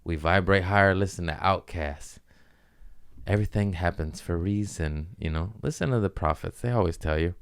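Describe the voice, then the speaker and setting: A man hosting his own podcast in a casual, rambling comedic monologue, swearing freely and slipping into quick mock voices. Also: deep voice, clean tone, no echo, clean studio sound. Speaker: podcast host.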